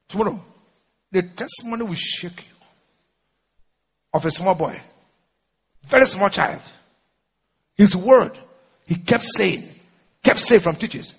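A man's voice: high voice, fairly bright tone, husky, in a large hall. A man with a Nigerian accent preaching a sermon, urging the congregation to repeat lines and slipping into pidgin. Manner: exhorting, call-and-response, mixes pidgin.

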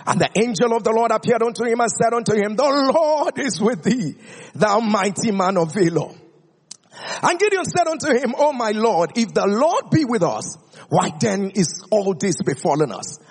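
High, lively preacher in a reverberant hall. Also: male voice, normal speed, husky. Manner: dramatic, declamatory reading that swings high and low. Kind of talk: sermon with scripture reading.

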